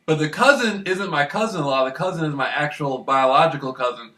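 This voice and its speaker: A man with a high, bright voice tells rambling, profane stories in a loose, casual monologue, laughing often as he goes. He sits well back from the mic in an echoey room. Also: a little fast, distant mic. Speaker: vlogger.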